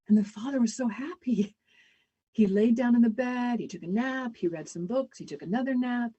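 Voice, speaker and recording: A woman performs a story live, measured and full of dramatic pauses. Her voice is mellow and soft, with a husky edge. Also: a little high.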